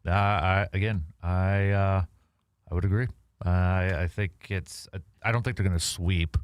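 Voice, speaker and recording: A man hosting a casual sports radio show, animated and halting with fillers and restarts. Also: deep voice, clean tone, no room sound, clean studio sound. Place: radio studio.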